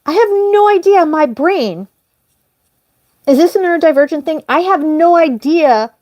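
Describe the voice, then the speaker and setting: A woman hosting a casual live stream, talking in a rambling, apologetic way and jumping up in pitch when she stresses a point. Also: a little slow, no room sound, lo-fi sound. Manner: animated, jumps up in pitch on emphasis. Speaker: livestream host.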